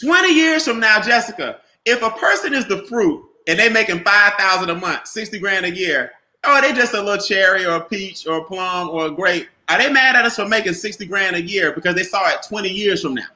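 A man giving an animated, repetitive motivational sales talk about a home business, calling on listeners by name. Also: high voice, brisk, hardly any pauses, echoey room. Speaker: business opportunity presenter.

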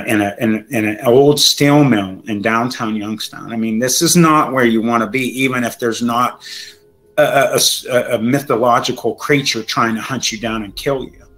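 A man, a guest in an interview, tells a frightening true encounter in an emotional, halting way with many restarts, sounding shaken and close to tears. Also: mid-range voice, steady tone, a bit bright, faint music behind, low-quality recording.

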